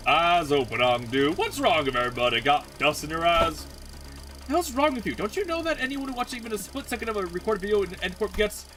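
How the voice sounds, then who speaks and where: A man's voice: high-pitched, very animated, brisk, bright, forceful tone, soft background music, voice pushed up, heavily acted. A man voicing a sleepy, eccentric swordsman who talks in drowsy, theatrical, old-fashioned riddles. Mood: drowsy, grandiose. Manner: drowsy, theatrical, archaic phrasing.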